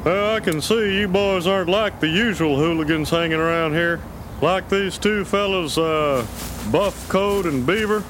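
An actor playing a folksy, complaining grown-up in a cartoon. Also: male voice, high-pitched, measured pace, a bit bright, a little hiss or hum.

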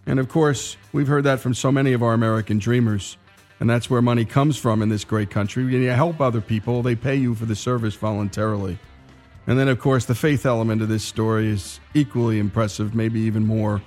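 A man's voice: medium pitch, steady tone, fairly quick, a little mellow. Radio host guy, upbeat, talking straight to listeners, a little music behind. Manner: enthusiastic, direct address to listeners.

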